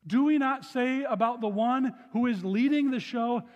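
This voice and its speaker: A man with a high voice preaching to his congregation. He reads scripture low and soft, then speaks earnestly in his own voice. The sound carries a long hall reverb. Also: normal speed, hardly any pauses, muffled recording. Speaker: pastor. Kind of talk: sermon with scripture reading. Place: church sanctuary.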